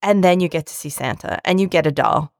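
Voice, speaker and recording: A woman telling a funny story in casual chat, animated and acting out the voices of the people in it. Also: deep voice, brisk, gravelly, no room sound, studio quality.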